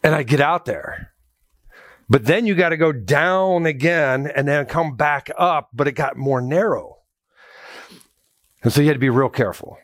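A man preaching a sermon in a church, with a fairly high voice. He tells personal stories with jokes and an animated delivery, often calling out to the congregation. The sound is dry, with little room echo. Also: moderate pace, pauses often. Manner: joking, animated storytelling with congregation call-outs. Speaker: pastor.

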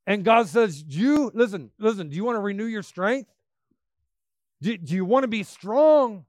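Emphatic high-voiced male preacher. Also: animated, moderate pace, no room sound, studio quality. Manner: emphatic, shifts between loud bursts and quiet asides. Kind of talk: sermon.

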